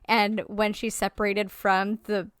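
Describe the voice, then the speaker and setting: A woman co-hosting a podcast in casual film chat, animated, swearing freely and acting out quotes. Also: medium pitch, measured pace, smooth, dry recording, studio quality. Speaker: podcast co-host.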